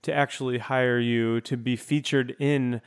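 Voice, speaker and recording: A man hosting a casual interview, talking in a relaxed, rambling way and laughing often. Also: medium pitch, a little slow, clean tone. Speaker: podcast host.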